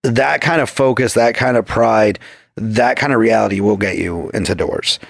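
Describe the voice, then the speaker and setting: Profane, casual storytelling comes from a podcast guest whose gravelly voice sits on the low side and moves at a normal speed. He swears constantly and acts out quoted exchanges in a loose chat, recorded dry at studio quality.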